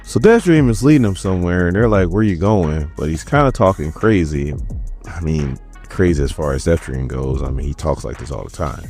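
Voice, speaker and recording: A deep-voiced man runs through a comic issue in a relaxed, joking way, with a voice that swings widely in pitch. He keeps breaking off to crack jokes and talk straight to his audience. Faint music plays underneath. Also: brisk. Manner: joking, chatty, asides to viewers. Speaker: comic book recap host. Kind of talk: casual comic recap.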